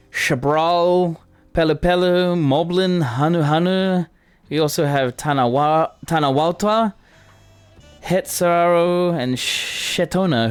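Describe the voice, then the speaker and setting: A man voicing a small scholarly woman guide in a game, reading her lines in a measured, explanatory way. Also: on the high side, smooth, no room sound, close to an everyday voice.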